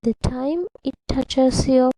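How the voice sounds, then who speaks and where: A woman teacher speaks slowly and patiently to young pupils, sounding out words syllable by syllable. Her voice sits a little high, with a gravelly edge. The sound is dry and close, with a dark, mellow tone. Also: fairly even intonation, dry recording, poor audio. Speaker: primary English teacher. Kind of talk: slow, deliberate classroom instruction to children.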